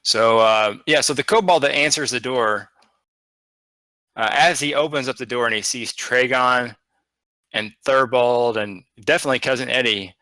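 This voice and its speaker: Man, dungeon master, loose hesitant narration, bright tone, dry close mic. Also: mid-range voice, normal speed, dry recording. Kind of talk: narrating a tabletop game.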